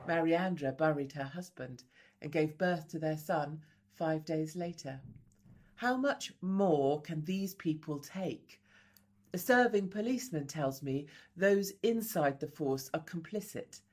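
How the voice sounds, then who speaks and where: A woman's voice: low-pitched, animated, darkish tone. A woman reporter giving grave, emphatic scripted documentary narration. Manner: grave, emphatic, measured delivery.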